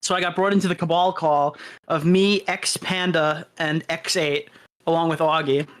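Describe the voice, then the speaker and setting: A man calling in to a stream who tells a story in a rambling, excited way, full of swearing and exaggeration. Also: on the high side, normal speed. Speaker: call-in guest. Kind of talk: casual storytelling on a call. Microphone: voice call.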